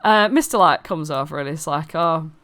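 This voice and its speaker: A woman's voice: sits low, brisk. Giggly woman running a game. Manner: lively and giggly, with lots of fillers. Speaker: game master. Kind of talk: narrating a tabletop game.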